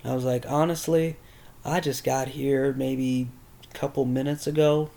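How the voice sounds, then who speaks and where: A man's voice: medium pitch, little pitch movement, moderate pace, vocal fry, mellow. A young man candidly telling a personal story, rambling and swearing, as a podcast host. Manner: candid, rambling, with crude language.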